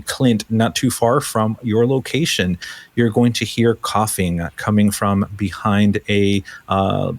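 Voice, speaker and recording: A man narrating a tabletop role-playing game as game master, steadily describing the scene to the players. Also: lowish voice.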